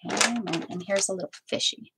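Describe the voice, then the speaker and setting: A woman's voice: medium pitch, brisk, sharp tone, a little hiss or hum, low-quality recording. A woman hosting a crafting livestream, chatting casually to herself and her viewers as she stamps, with playful sing-song asides. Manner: chatty, talks to herself and to live chat, playful made-up sing-song bits.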